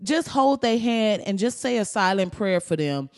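A woman's voice: medium pitch, expressive, normal speed, no echo, clean studio sound. A woman telling stories in a rambling, profane comedic monologue. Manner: loud, rambling, profane storytelling with frequent laughs.

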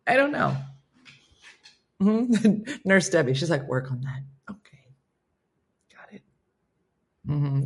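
A woman's voice: fairly low pitch, lively intonation, a little slow, long pauses, fairly bright tone. A woman hosting a casual livestream chat, reading and reacting to viewer comments with frequent laughter.

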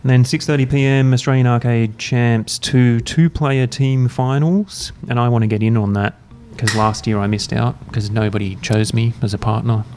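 A man hosting a podcast, chatting in a relaxed, rambling, self-mocking way while drinking beer. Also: mid-range voice, normal speed, few pauses, soft background music. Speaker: podcast host. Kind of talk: casual chat. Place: university room, drinking beer.

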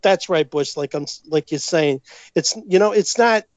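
A man's voice: fairly high pitch, normal speed, dry recording. A man with a New York accent, rambling through a story as a podcast guest, repeating himself and laughing as he goes. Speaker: guest, longtime fan. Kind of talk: casual chat, storytelling.

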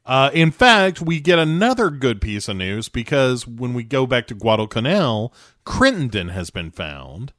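A man co-hosting a podcast, recapping a TV episode in casual chat with animated storytelling. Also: mid-range voice, measured pace, few pauses, no echo, clean studio sound. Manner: animated storytelling, acts out characters' lines. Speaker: podcast co-host.

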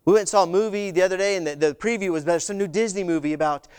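High, clear-voiced preaching man. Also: racing. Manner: animated storytelling, acts out quoted voices. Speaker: visiting pastor. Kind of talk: sermon.

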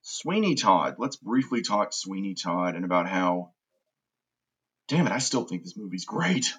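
Husky low-voiced man gushing about films. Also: big pitch swings, unhurried, a bit bright, rough recording. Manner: opinionated and enthusiastic, frequent restarts. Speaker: podcast host. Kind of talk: casual podcast movie chat.

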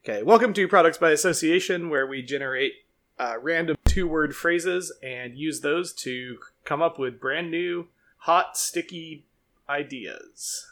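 A speaker in a casual comedy chat with a dry, deliberate delivery. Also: mid-range voice, a bit bright.

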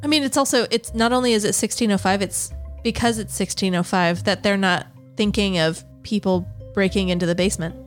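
A woman's voice: mid-range voice, brisk, few pauses, soft background music. A woman co-hosting a podcast, reacting to the story with playful, teasing remarks. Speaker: podcast co-host listening. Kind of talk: casual chat.

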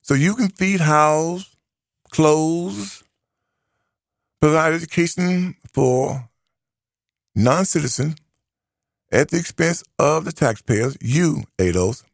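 Gravelly-voiced male radio talk host. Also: on the high side, slow pace, pauses often, dry recording, clean studio sound. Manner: emphatic, repeats key phrases. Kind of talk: opinionated radio commentary.

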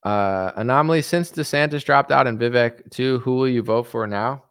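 A man's voice: medium pitch, moderate pace, a bit bright, smooth, no echo, clean studio sound. An American man in a casual reaction chat, answering viewer comments in a rambling, blunt and defensive way, full of fillers. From United States.

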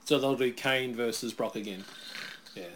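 A man's voice: mid-range voice, steady tone, normal speed, a bit bright, slight background noise. A man co-hosting a casual wrestling watch-along, laid-back and rambling, laughing often. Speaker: podcast co-host.

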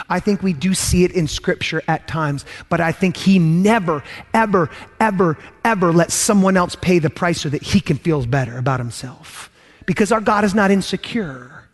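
Earnest preaching man, slightly high voice. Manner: earnest, emphatic preaching with repetition. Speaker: pastor. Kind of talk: sermon.

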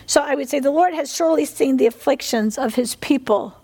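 A woman's voice: high voice, brisk. A middle-aged woman preaching a fervent sermon, often asking her listeners for an "Amen". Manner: fervent, animated, asks the congregation "Amen?".

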